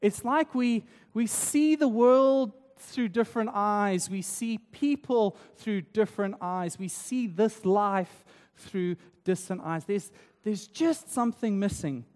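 Pastor, male, raised in South Africa; high-pitched, conversational sermon delivery, long reverb of a church hall. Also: takes it slowly, a little mellow. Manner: conversational, tag questions like "right?".

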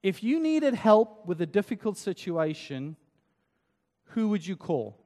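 A man's voice: high voice, very animated, measured pace, a little mellow. A man from South Africa preaching a sermon as pastor, in a chatty style that keeps asking "right?". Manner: conversational, tag questions like "right?". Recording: long hall reverb.

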